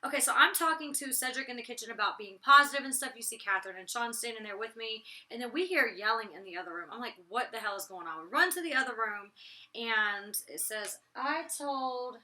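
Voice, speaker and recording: A young woman with a raspy voice and a very sharp, tense tone, pitched a little high. She talks in a chatty, blunt vlog style, slangy and loose with mild cursing. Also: animated, fast. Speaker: reality TV personality reviewing her episode. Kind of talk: casual vlog commentary.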